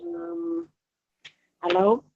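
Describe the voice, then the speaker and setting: Female webinar participant, slow and hesitant, muffled call audio. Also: extremely high pitch, big pitch swings, creaky, a crowd in the background. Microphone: video call.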